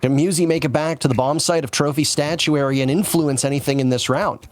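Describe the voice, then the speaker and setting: A man doing live esports commentary, measured and analytical as he breaks down the play. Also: a little high, steady tone, slight background noise. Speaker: esports caster.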